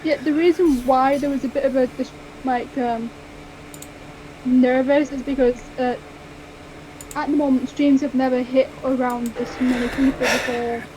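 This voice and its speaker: High-voiced woman on a call. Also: little pitch movement, normal speed, warm tone, slight background noise, poor audio. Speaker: co-player. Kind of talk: casual chat on voice call.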